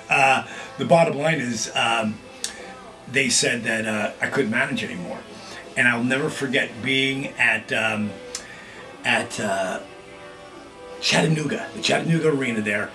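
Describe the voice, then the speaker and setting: A middle-aged man hosting his own video blog, telling casual stories with lively acted-out quotes. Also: mid-range voice. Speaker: vlog host, former wrestler. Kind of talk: casual storytelling.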